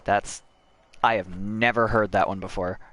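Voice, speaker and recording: A young American man streaming a game, talking to his chat and cursing at a tricky jumping puzzle. His voice sits a bit low, and he is casual and loose. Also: steady tone, measured pace, fairly bright tone. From United States. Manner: frustrated, swearing, chatting with viewers. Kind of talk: casual gameplay commentary.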